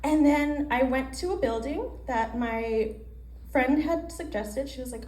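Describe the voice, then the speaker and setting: A woman's voice: sits high, measured pace, a little mellow. A young woman doing a chatty, self-mocking stand-up set, acting out her own inner voices. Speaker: stand-up comedian. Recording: echoey room with faint ambient noise.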